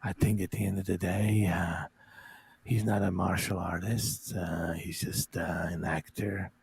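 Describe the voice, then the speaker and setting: A man doing a boastful martial arts action star with a low, gravelly, near-whispered mumble. He drags every phrase out with long hesitations and sounds like he is speaking into a video call mic. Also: flat delivery, noisy background. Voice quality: low hushed murmur, drawn-out uh's.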